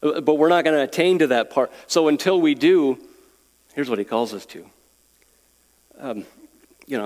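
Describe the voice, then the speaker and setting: A man's voice: medium pitch, lively intonation, normal speed, long pauses, a little mellow. A man preaching a sermon as pastor, earnest, chuckling and repeating words as he makes his points. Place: church sanctuary. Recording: long reverb of a church hall.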